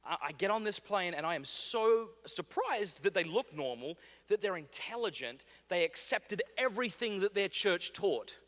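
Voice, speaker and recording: Man, 30s, keynote speaker, bright forceful voice, slightly high, animated comic storytelling, long hall reverb. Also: moderate pace, few pauses. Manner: animated, comic, acts out dialogue. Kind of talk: humorous storytelling keynote speech. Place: large conference hall.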